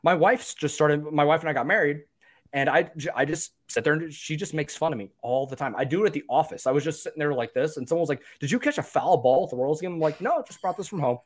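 A young man co-hosting a casual sports podcast, with a slightly higher voice. He talks in a chatty, self-deprecating way and laughs often. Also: quick pace. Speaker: podcast co-host.

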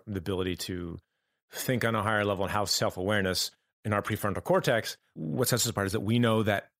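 A man in a reflective podcast conversation, talking earnestly in halting, restarting phrases. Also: low voice, fairly bright tone, dry recording, clean studio sound. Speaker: podcast guest.

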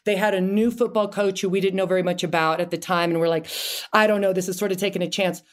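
A middle-aged woman, a podcast guest, telling stories in a chatty, animated way with many restarts and asides. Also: fairly low pitch, fast. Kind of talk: casual interview storytelling.

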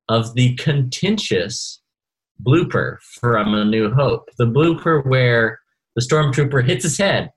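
Husky-voiced man chatting as podcast co-host. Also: mid-range voice, poor audio. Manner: rambling, many fillers and restarts. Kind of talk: casual podcast chat.

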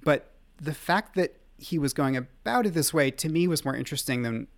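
A man, a magazine writer, as a guest on an interview podcast, telling animated anecdotes with quick laughs. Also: a little high.

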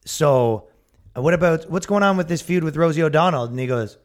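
A man's voice: fairly high pitch, a little fast. A man hosting a casual comedy podcast, rambling and swearing, acting out quotes in sudden bursts. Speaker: podcast host.

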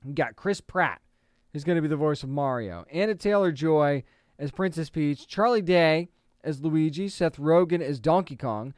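A man in his thirties or forties hosting entertainment news commentary, chatty and opinionated, with quick asides to the audience. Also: a little high, expressive, darkish tone, dry recording, studio quality. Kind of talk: casual commentary.

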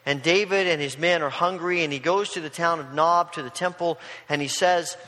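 A man's voice: on the high side, normal speed, sharp tone, in a large hall. A man preaching a sermon, retelling a scripture story in a casual storytelling way. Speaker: pastor.

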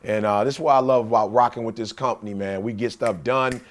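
A man co-hosting a casual podcast, giving playful, hyped shout-outs and laughing along. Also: medium pitch, fairly even intonation, fast talker. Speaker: podcast co-host.

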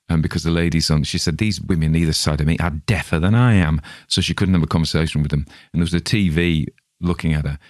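A middle-aged man with an extremely low, deep voice talks through his week in a loose, rambling monologue. He is chatty and self-deprecating and often restarts his sentences. The sound is dry and close, with no room echo. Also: darkish tone. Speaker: podcast host.

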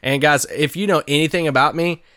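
Bright, crisp-voiced sports podcast guy. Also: fairly high pitch, fairly quick, no room sound, studio quality. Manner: animated, jokey, teasing banter. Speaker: podcast co-host. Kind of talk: casual sports podcast chat.

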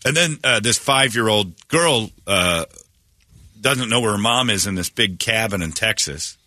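Male radio host, deep and forceful, dry studio sound, rambling animated storyteller. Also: unhurried, no echo. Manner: animated retelling with many restarts and fillers. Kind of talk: casual storytelling chat. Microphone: studio microphone.

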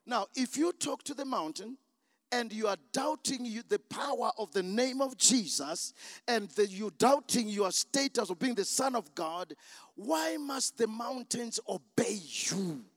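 High-voiced shouting preacher. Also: male voice, lively intonation, a little slow, no echo, clean studio sound, long reverb tail. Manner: emphatic, shouting, call-and-response. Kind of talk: sermon. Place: church.

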